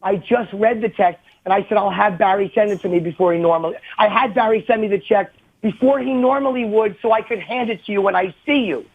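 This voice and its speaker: A man's voice: high voice, fast, vocal fry. A middle-aged comedian calling in by phone, arguing heatedly and defensively and talking over the other man. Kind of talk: heated on-air argument. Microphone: phone call-in. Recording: tinny phone line.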